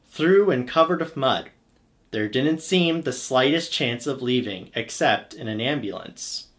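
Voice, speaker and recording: A man giving scripted documentary narration for a history channel, in a steady, measured storytelling delivery. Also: medium pitch.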